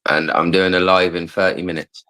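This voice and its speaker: Man, low-key friendly chatter, low pitch, crisp bright timbre. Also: level tone, fairly quick. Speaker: fellow YouTuber on stream. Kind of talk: casual chat.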